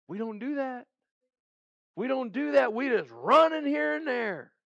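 A man's voice: very high-pitched, big pitch swings, slow pace, long pauses, a bit bright, no echo. A male pastor giving a heartfelt sermon who repeats his phrases for emphasis. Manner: heartfelt, pleading preaching.

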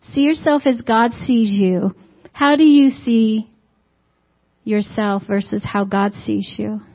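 A woman's voice: fairly high pitch, fairly even intonation, takes it slowly. A woman preaching a sermon in a conversational, folksy way, peppering it with rhetorical questions to the congregation and humorous asides. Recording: dull lo-fi recording.

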